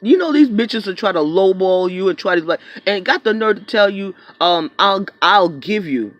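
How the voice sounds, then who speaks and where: A man's voice: sits high, normal speed, no room sound, muffled recording. A man vlogging about his small business, telling a story in a casual, profane rant with acted-out quotes.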